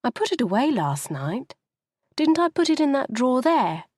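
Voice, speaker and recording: A woman reading the part of a naive nineteen-year-old girl, soft and hesitant. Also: high voice, sing-song, normal speed, breathy edge, dry recording, studio quality, voice pushed up, heavily acted. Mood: sweet.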